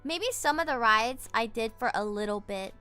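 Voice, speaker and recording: A woman's voice: a little high, lively intonation, normal speed, bright, forceful tone, clear, resonant tone, faint music behind. A woman streamer chatting casually from her home setup, rambling and giggling with lots of fillers.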